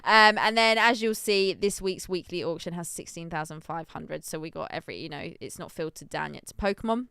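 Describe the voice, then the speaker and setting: A woman's voice: fairly low pitch, fairly quick, gravelly, hardly any pauses, bright, forceful tone, clear, resonant tone, dry recording, clean studio sound. A woman with an English accent hosting a casual livestream, chatty and giggly as she explains the steps on screen. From England. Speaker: host.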